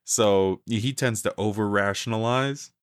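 Male player, very low voice, dry sound, thinks aloud. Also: measured pace, smooth, no echo. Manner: thoughtful, rambling. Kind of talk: casual tabletop play.

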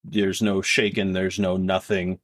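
A man's voice: low voice, flat delivery, unhurried, no echo, clean studio sound. A man narrating as game master in a tabletop game, with vivid, descriptive narration.

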